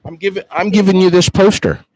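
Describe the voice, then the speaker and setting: A man's voice: high voice, steady tone, brisk, a little mellow. A man hosting a casual street interview, handing out promotional prizes and coaxing people in a playful way. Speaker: host handing out movie promos.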